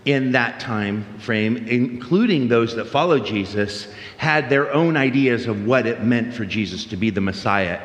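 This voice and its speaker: A man's voice: mid-range voice, highs cut off. A middle-aged man preaching a sermon in a conversational way, telling stories with many fillers and restarts. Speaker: pastor. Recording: roomy hall reverb.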